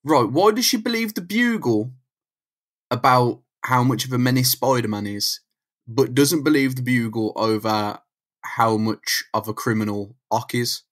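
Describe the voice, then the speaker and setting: A man chatting with a friend on a podcast, full of jokes and quick laughs. His voice sits at an ordinary middle pitch for a man. He keeps an easy, conversational manner throughout. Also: a bit bright. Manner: chatty, jokey, laughs a lot. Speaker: podcast co-host. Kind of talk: casual chat about comics.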